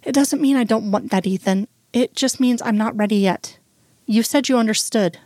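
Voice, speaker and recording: A woman's voice: a little high, moderate pace, a little mellow, no room sound, clean studio sound, lightly acted. Woman reading as a tearful young woman. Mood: defensive. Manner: read in the narrator's own voice. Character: upset young woman in her late twenties.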